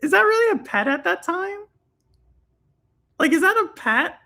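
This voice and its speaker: A woman's voice: extremely high pitch, sing-song, normal speed, gravelly, pushed and bright. A young woman hosting a live stream, chatting casually with viewers, laughing often and filling her talk with fillers. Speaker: stream host reading chat.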